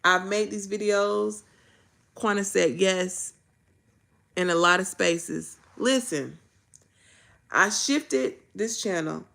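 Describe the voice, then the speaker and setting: Gravelly, raw-spoken woman vlogger. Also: medium pitch, slow, pauses often, fairly bright tone. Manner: raw, emphatic, preachy, repeats phrases. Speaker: faith vlogger. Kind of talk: candid faith vlog.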